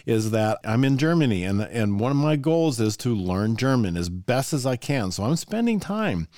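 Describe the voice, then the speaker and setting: Lively, enthusiastic man. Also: mid-range voice, normal speed, no echo, clean studio sound. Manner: enthusiastic, asks the listener rhetorical questions. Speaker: music teacher and podcast host. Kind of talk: solo podcast monologue.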